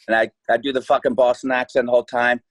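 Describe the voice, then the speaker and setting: A man's voice: medium pitch, little pitch movement, fast, dry recording. A man who is an actor, a guest on a podcast, chatting casually and tossing off wry asides. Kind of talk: casual chat.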